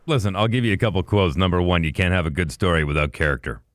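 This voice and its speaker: A man's voice: low-pitched, fast talker, no echo, clean studio sound. A man joining a casual podcast as a guest, wry and joking, handing out advice. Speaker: podcast guest, radio host.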